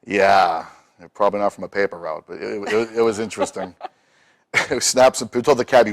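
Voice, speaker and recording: A middle-aged man tells stories in a relaxed, chatty way. His voice sits a little low, and he slips into the voices of the people he talks about. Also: fairly quick. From Boston. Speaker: musician guest. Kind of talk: casual storytelling.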